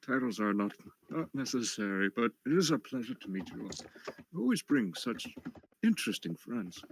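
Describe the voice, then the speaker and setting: A woman voicing a polite, gentle retired old male police detective who chuckles softly. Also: rumbling low, big pitch swings, moderate pace, slight background noise, pitched below the performer's own voice, exaggerated voice, poor audio. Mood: modest.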